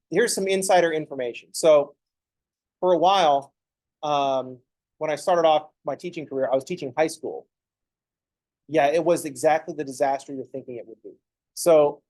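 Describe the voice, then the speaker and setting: Guy professor teaching class, kinda high voice, dry sound, jokes around a lot. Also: a little mellow, no room sound. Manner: joking, conversational, acts out students' thinking noises. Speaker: math professor. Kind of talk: classroom lecture.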